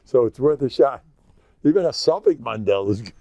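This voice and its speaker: Gravelly older rabbi, joking and boastful. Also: male voice, medium pitch, expressive, moderate pace, warm tone, no room sound. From United States. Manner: joking, boastful, self-mocking, with frequent laughs. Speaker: rabbi giving a class. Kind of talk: informal Torah lecture.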